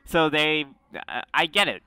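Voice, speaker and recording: A young man talks loosely through a casual podcast conversation, restarting his sentences and swinging up and down in pitch and volume. His voice is crisp and clear. It is recorded dry and close. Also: expressive, a little slow, no room sound. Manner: rambling, self-correcting, jumps in pitch and loudness. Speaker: podcast host.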